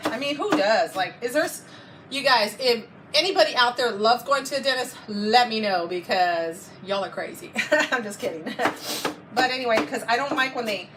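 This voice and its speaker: A woman, chatting casually to her viewers and rambling through a story while cooking in her kitchen, often correcting herself. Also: fairly high pitch. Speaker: vlogger. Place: home kitchen. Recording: distant mic with clear background noise. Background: kitchen sounds while cooking.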